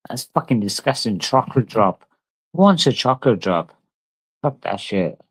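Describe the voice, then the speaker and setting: A man's voice: mid-range voice, very animated, moderate pace, slightly rough, no room sound, rough recording. A drunk man, ranting on a livestream in a profane, rambling and repetitive way. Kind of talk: angry livestream rant.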